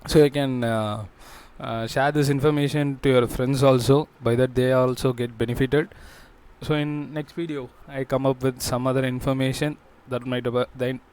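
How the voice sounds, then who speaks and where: A man hosting a job-listings channel, talking through a screen walkthrough in a halting way with frequent fillers and restarts. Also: medium pitch, steady tone, darkish tone, clean tone.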